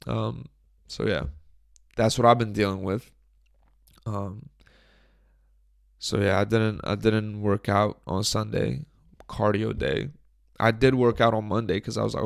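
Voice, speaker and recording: A young man with a cold hosts his podcast alone, his voice low, hoarse and full of gravel. He rambles and jokes crudely in a loose, casual way. He is close on the mic, and the sound is dry. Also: fairly even intonation, a little slow, no echo. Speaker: podcast host. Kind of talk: casual solo podcast chat. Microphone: studio microphone, close.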